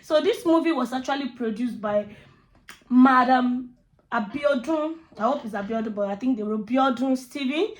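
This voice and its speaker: A Nigerian woman talks through a film review in a casual, heartfelt way. Her voice sits high, and she gushes with praise, often circling back over her own words. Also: a little fast, darkish tone. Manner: effusive, heartfelt, repeats words. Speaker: movie reviewer. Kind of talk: casual spoken movie review.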